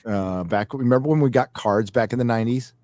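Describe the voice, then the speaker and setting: A man's voice: medium pitch, brisk, a little mellow, no room sound, clean studio sound. A man hosting a casual panel chat, reading viewer donations aloud in a rambling way, with fillers and self-corrections.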